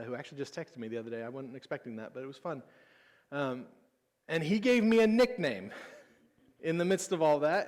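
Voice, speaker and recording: A man in his thirties with a slightly higher than average voice, telling personal stories from the pulpit in an easy, self-deprecating way. His voice rings out with a long reverb tail from a large church sanctuary. It sounds like a relaxed sermon rather than a formal address. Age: 30s. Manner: casual, personal storytelling with self-deprecating humor. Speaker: pastor. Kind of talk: conversational sermon.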